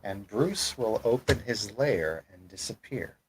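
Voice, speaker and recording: A man narrating as game master in a tabletop role-playing game, measured and storytelling. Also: fairly low pitch, animated, slightly rough, low-quality recording.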